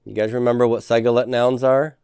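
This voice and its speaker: A man's voice: medium pitch, flat delivery, fairly quick, a little mellow, clear, resonant tone, no echo. A man giving a classroom lecture, asking his students questions and answering them himself. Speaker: professor.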